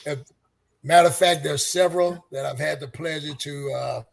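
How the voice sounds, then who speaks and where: A man's voice: fairly high pitch, fairly even intonation, moderate pace, creaky. An older man, a longtime super fan, telling earnest stories on a fan roundtable and giving life advice. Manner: earnest, preachy, gives advice. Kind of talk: casual storytelling.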